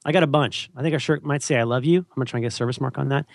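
A man's voice: medium pitch, fairly even intonation, very fast, gravelly, no room sound, studio quality. A man co-hosting a podcast in casual, rambling chat, joking and putting on silly voices. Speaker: podcast co-host.

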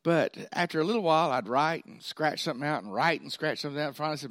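A man's voice: on the high side, very fast, fairly bright tone, no room sound, studio quality. A man preaching a sermon, folksy and often checking in with his listeners. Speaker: pastor.

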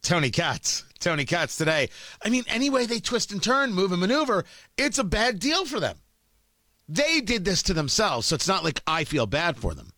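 Animated middle-aged male radio host. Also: sits high, normal speed, no echo. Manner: animated, restarts often, acts out quotes. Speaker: radio talk show host. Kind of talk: talk radio monologue.

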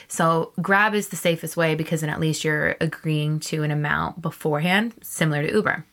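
A woman's voice: low voice, a little fast, creaky, few pauses. Candid young woman storyteller. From Canada. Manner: animated and candid, swears freely. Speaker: podcast host. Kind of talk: casual storytelling monologue.

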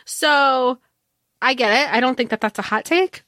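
A woman's voice: high voice, normal speed, pushed and bright, dry recording, studio quality. A woman co-hosting a podcast, chatting casually about a book, rambling and hedging with many fillers and restarts. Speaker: podcast co-host. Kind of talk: casual book-review chat.

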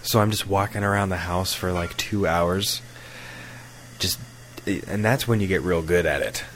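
A man's voice: low voice, moderate pace, a bit bright, a little hiss or hum. A man in his thirties, a podcast co-host, telling rambling stories in easygoing casual chat.

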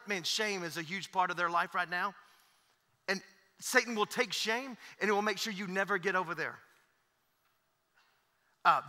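Bright-voiced preacher in an echoey hall. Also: male voice, high voice. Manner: emphatic and repetitive, with frequent fillers. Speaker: pastor. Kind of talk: sermon. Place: church sanctuary.

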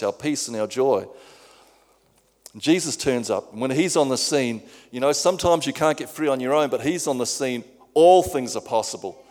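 A man's voice: mid-range voice, a little mellow. A male preacher giving a sermon in an earnest way, often repeating words as he goes. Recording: long hall reverb.

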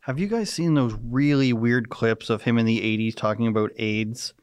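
Smooth-voiced man hosting a casual chat. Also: medium pitch, normal speed, no room sound. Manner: rambling, jokey, many restarts. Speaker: podcast host.

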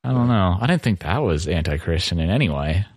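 Sarcastic low-voiced male podcast co-host. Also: very animated, brisk, slightly rough, no echo, studio quality. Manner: sarcastic, joking. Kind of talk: casual chat.

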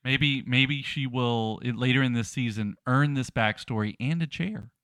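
A man's voice: mid-range voice, normal speed, fairly bright tone, no echo, studio quality. A young adult man co-hosting a podcast in casual chat, wry and playfully indignant. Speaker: podcast co-host.

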